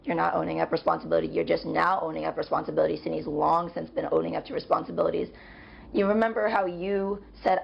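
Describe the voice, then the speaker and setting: A woman with a lowish, very gravelly voice lectures her roommate in a confrontational tone. The clip sounds dull and lo-fi, with faint noise underneath. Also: steady tone, fast. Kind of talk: heated confrontation.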